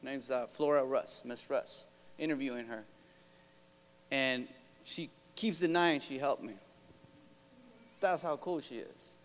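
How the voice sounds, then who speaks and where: A man's voice: mid-range voice, a little slow, pauses often. A man from Oakland, a professor, giving a rallying talk to a community audience and often asking them "right?". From Oakland, California. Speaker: professor and guest speaker. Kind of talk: motivational public talk. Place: large school hall. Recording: dull recording with long hall reverb.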